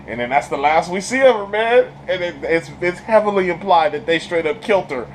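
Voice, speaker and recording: A man with a high-pitched, slightly fast voice gives a casual, spoiler-filled review of a TV episode, and the poor audio carries a bit of background noise. He retells scenes with animated energy in laid-back slang, laughing often and slipping into character voices.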